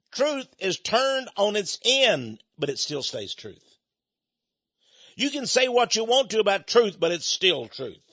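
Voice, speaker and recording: An older man delivers a rambling, folksy sermon, slipping into chuckling asides. His husky voice sits fairly high and rises and falls a lot. The recording is dull and lo-fi. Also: a bit bright. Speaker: preacher with a ministry.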